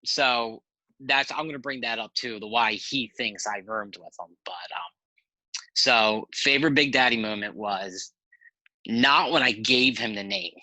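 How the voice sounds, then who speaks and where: A man's voice: medium pitch, animated, unhurried, pushed and bright, dry recording, low-quality recording. A man telling stories as a podcast guest in a rambling, laid-back way, swearing casually. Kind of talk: casual storytelling chat.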